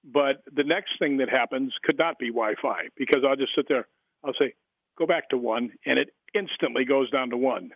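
This interview guest, author of a book about the paranormal, has a husky mid-range voice and a moderate pace. His long stories wander, packed with fillers and restarts, over a dry, tinny phone line without echo.

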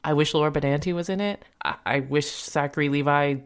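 A woman's voice: sits low, fairly quick, clean tone. A woman co-hosting a podcast, chatting in a giggly, rambling way. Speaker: podcast co-host. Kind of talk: casual chat.

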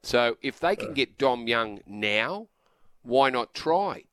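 An Australian man co-hosts a sports radio show, laying out his case in a measured way. His voice is mid-pitched. The sound is dry and close. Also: lively intonation, fairly bright tone, no room sound. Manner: measured, reasoning, reads ad copy.

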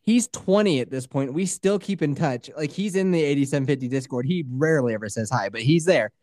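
A man's voice: on the high side, animated, a little fast, darkish tone, dry recording, clean studio sound. A young man co-hosting a podcast, telling a story in a rambling way, swearing and laughing a lot. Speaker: podcast co-host. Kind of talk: casual storytelling chat.

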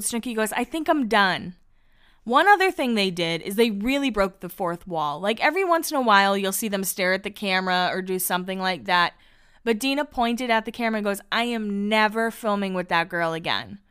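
A woman's voice: mid-range voice, clear, resonant tone. Chatty, foul-mouthed woman podcast host. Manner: chatty, swears freely, animated retellings. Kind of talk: casual podcast chat.

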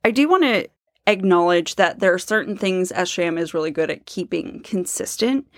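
A woman's voice: on the low side, expressive, normal speed. A woman co-hosting a casual book-discussion podcast, laying out her points at length in a thoughtful way. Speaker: podcast co-host.

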